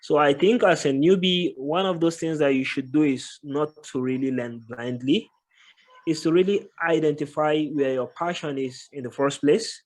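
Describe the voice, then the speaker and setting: A man giving casual interview answers as a guest, thoughtful and stopping often on "uh" while he explains his work. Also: a little high. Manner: thoughtful, many filler pauses. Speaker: guest, tech professional.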